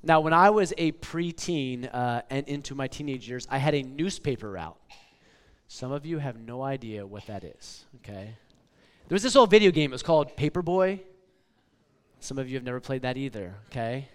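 A man's voice: mid-range voice, animated, moderate pace, smooth. A man in his forties preaching a casual, conversational sermon, often checking in with "okay?" and "like.". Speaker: pastor. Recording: long hall reverb.

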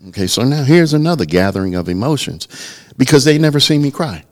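Speaking fast with a medium pitch and big pitch swings, a middle-aged pastor co-hosting a podcast tells an earnest personal story. In this casual conversation, he often restarts his words, repeating them as he starts.

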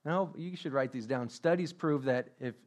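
A man's voice: mid-range voice, normal speed, darkish tone. A man preaching a sermon as pastor, emphatic, repeating his questions and joking about himself. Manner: self-deprecating humor.

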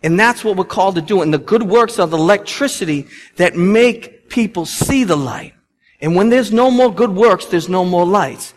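A young man, a pastor preaching a sermon, telling stories with swings from loud to hushed. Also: sits high, unhurried. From Massachusetts.

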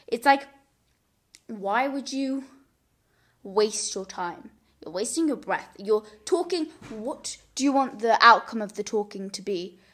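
A young woman hosting an advice podcast, her voice sitting a little high. She talks in an earnest, chatty way, often restarting and repeating words as she works through her point. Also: expressive, measured pace, bright, forceful tone. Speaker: podcast host giving advice. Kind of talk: casual advice chat.

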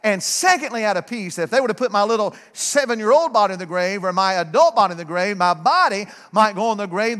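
A middle-aged man preaching a sermon, fervent and repetitive, building to shouts. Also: high-pitched. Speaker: guest preacher. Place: church sanctuary. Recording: long hall reverb.

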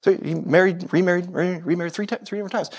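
A man's voice: high-pitched, fast, slightly rough. A man. He repeats phrases and speaks directly to his listeners, hammering points home. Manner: impassioned, repeats phrases, talks straight to the congregation. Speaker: pastor. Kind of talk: sermon.

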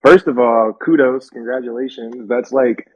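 A man's voice: medium pitch, fairly even intonation, normal speed, darkish tone, slightly rough. A man hosting a podcast interview, affirming his guest in a reflective way. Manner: affirming, reflective, with frequent hums of agreement. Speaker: podcast host. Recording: dull lo-fi sound.

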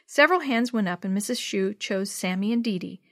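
A woman's voice: medium pitch, fairly quick, no echo. Give me a woman narrating a children's story aloud, with a dry close sound. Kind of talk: reading a children's chapter book aloud.

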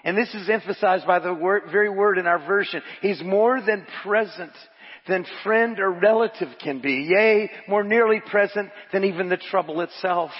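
A man's voice: high-pitched, breathy edge, big-room sound, dull audio. A man pastor preaching a sermon, reading scripture and quotes aloud and repeating phrases for emphasis. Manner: asks the congregation to repeat lines. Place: church.

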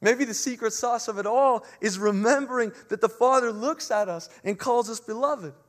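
A pastor in his thirties preaches with a noticeably high voice. He moves between earnest, heartfelt appeals and relaxed, chatty asides, as if he were talking with his congregation rather than lecturing them. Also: normal speed. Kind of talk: sermon.

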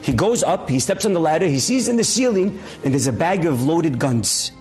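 At a moderate pace and a fairly high pitch, a man shares a faith-based inspirational story in sermon form over soft background music. He brings energy to it by acting out what each character says.

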